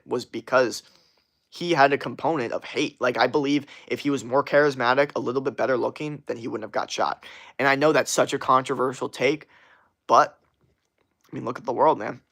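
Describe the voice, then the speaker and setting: A man's voice: medium pitch, gravelly, fairly bright tone. A young man hosting a livestream, answering chat in a blunt, profane, rambling rant that repeats itself. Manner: blunt, profane, talks fast in bursts and repeats himself. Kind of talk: casual unfiltered rant.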